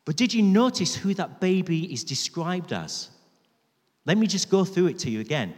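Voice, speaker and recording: A man's voice: high-pitched, sing-song, moderate pace. A man preaching a sermon in a church, emphatic and repeating key phrases for weight. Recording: reverberant church hall.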